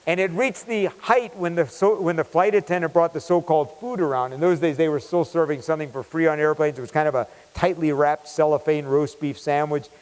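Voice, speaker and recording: A man giving a keynote talk, telling a story in an animated, conversational way. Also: fairly high pitch, clean tone. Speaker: keynote speaker. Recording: long hall reverb.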